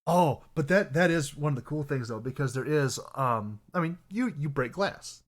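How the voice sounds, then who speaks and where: A man's voice: a little high, animated, moderate pace. A young man hosting a podcast, chatting casually and rambling, often correcting himself mid-sentence. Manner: rambling, self-correcting, bursts into loud mock voices. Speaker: podcast host. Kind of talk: casual chat on stream.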